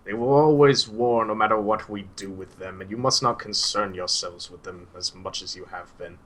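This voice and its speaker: A man voicing a kind, frail old male teacher who hunches over a cane, speaking slowly and gently chiding. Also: on the low side. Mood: earnest.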